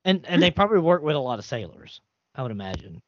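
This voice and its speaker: Male podcast host, loose rambling chatter, lively swooping pitch, dull dry recording. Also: quick pace, no room sound. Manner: rambling, animated storyteller with restarts and cursing. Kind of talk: casual chat.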